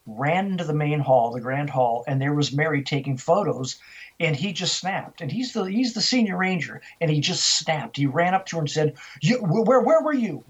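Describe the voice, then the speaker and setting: A middle-aged man, an interview guest, telling a story in animated style and acting out the dialogue he quotes. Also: fairly high pitch, normal speed, husky. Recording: dull, lo-fi sound.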